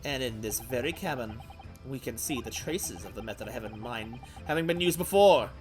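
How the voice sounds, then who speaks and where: A man's voice: mid-range voice, expressive, normal speed, soft background music, pitched below the performer's own voice, close to an everyday voice. A man voicing a self-assured male detective in a video game, with a British accent and a grand, lecturing delivery.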